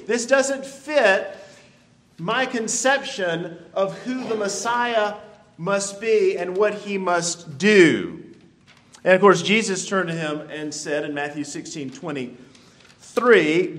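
A man preaching a sermon, stretching out key phrases with deliberate emphasis. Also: sits high, fairly bright tone. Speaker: pastor.

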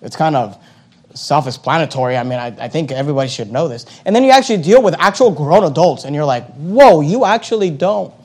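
A male pastor with a notably high voice delivers a sermon. He drives his points with repetition and rhetorical questions. He slows right down to read the scripture verses. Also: animated, darkish tone. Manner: reads scripture slowly and deliberately.

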